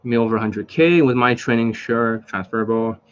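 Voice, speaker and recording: A man's voice: mid-range voice, fast. A man talking as a dating coach in an unscripted monologue, rambling and blunt, with frequent profanity and fillers. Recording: dull lo-fi recording.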